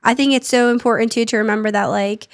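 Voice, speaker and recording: A woman's voice: a little high, steady tone, quick pace, dry recording, studio quality. A young woman hosting a podcast, chatting earnestly and leaning on lots of "like" fillers. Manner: earnest, filler-heavy with frequent "like". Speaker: podcast host. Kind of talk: casual chat.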